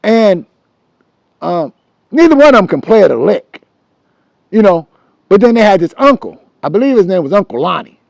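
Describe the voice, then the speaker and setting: A middle-aged man, telling a childhood story in a loose, animated way and humming tunes as he goes. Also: high-pitched, normal speed, vocal fry, long pauses, no echo. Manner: animated and loose, acts out voices and hums tunes. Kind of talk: casual storytelling.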